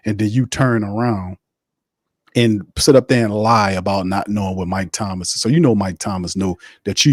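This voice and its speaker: A man's voice: lowish voice, a little mellow, no room sound, clean studio sound. Blunt, ranting male sports host. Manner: blunt, heated ranting with slang and cursing. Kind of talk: live sports watch-party commentary.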